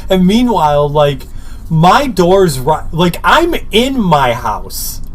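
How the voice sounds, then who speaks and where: A man's voice: high-pitched, sing-song, slow. A man co-hosting a podcast, chatting casually in an easygoing, rambling way. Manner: easygoing, rambling and laughing along. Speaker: podcast co-host. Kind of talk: casual chat.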